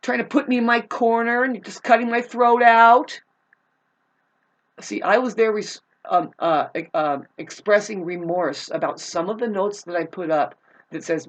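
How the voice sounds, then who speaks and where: Speaking in an unhurried, medium-pitched voice, a woman airs a personal grievance in a casual, rambling monologue. She is agitated and profane and often restarts her sentences.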